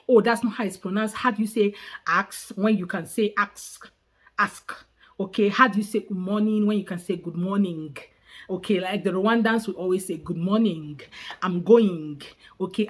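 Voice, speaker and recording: A woman's voice: mid-range voice, a bit bright. Chatty Nigerian woman vlogger. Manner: chatty, repeats "okay?" often. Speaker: YouTube host. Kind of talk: casual vlog talk to camera.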